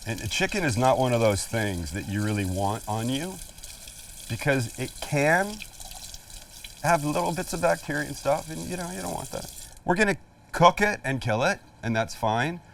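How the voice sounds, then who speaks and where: A man's voice: medium pitch, animated, normal speed, vocal fry, fairly bright tone, a little hiss or hum. Middle-aged guy doing a cooking demo out back, jokey and emphatic, mic a little far off. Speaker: cooking show host. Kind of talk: casual cooking demonstration. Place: outdoor backyard kitchen.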